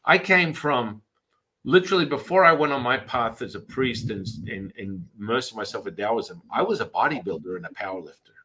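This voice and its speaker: A man's voice: medium pitch, animated, moderate pace, pushed and bright, poor audio. A man, a Taoist priest hosting a podcast, chatting casually and telling rambling stories with acted-out quotes. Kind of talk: casual storytelling chat.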